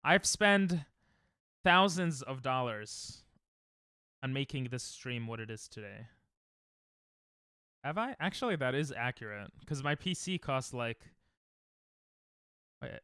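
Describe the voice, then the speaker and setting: Young man, streamer, bright crisp voice, dry close mic, rambling casual chat. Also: medium pitch, lively intonation, slow, pauses often, no room sound. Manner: rambling, self-mocking, chats to viewers. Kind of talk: casual live-stream chat while gaming.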